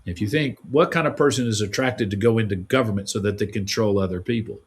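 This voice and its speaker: A man's voice: lowish voice, quick pace, slightly rough. A man being interviewed, telling stories in a rambling, folksy way with frequent restarts. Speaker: guest. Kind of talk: casual interview conversation.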